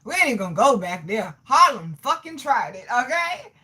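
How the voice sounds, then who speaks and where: Brash, lively woman host chatting to her chat. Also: on the high side, normal speed, husky. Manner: animated, loud, laughs often, salty slang. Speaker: livestream host reading chat. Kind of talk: casual chat.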